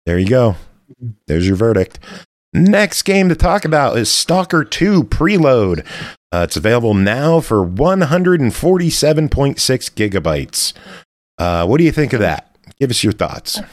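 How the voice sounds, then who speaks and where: A man's voice: medium pitch, sing-song, unhurried, no room sound, studio quality. A man co-hosting a podcast who reads out game news items and teases his co-host in casual banter. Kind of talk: casual chat.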